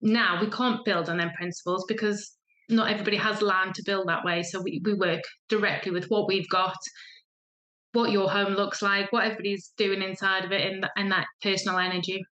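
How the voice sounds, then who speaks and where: Brisk and sharp, with a medium pitch and level tone, a woman in her thirties recounts her story as a podcast guest, acting out the voices of those she quotes. She's a feng shui coach in a casual, chatty conversation, and the room echoes.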